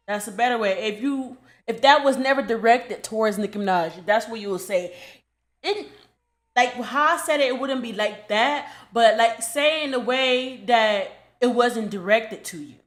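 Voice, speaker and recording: A young woman with a high voice tears into her subject in a casual commentary rant. She is blunt and profane, and she circles back to the same points again and again. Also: a little slow. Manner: blunt, repetitive, profane scolding. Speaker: commentary creator.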